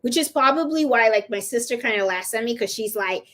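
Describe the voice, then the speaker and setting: A woman's voice: on the high side, lively intonation, a little fast, fairly bright tone. A middle-aged woman hosting a live crafting stream, chatting in a rambling, casual way and cooing to her dog now and then. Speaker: livestream host of a crafting channel.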